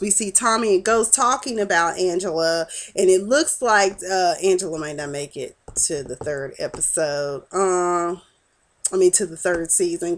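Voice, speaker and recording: A woman's voice: medium pitch, a bit bright. A young woman in a casual vlog, sassily recapping a TV episode and talking back to the characters. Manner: sassy, talks back to the characters, acts out their lines. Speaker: TV episode reviewer.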